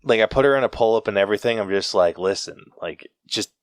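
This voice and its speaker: A young man co-hosting a podcast, telling a laughing, animated anecdote in casual chat, full of fillers and restarts. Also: lowish voice, racing, smooth, no echo, clean studio sound. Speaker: podcast co-host.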